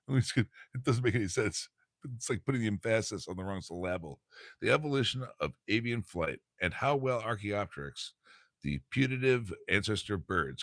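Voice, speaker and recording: A man's voice: low-pitched, a bit bright, no room sound, clean studio sound. A man teaching a casual lesson, reading a textbook aloud in a laid-back, slangy way, often stumbling over words, recorded on a phone.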